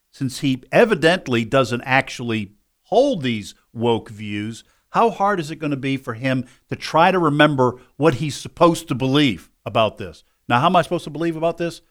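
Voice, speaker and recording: A man in casual political panel talk, animated and joking with his co-hosts. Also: mid-range voice. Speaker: political commentator.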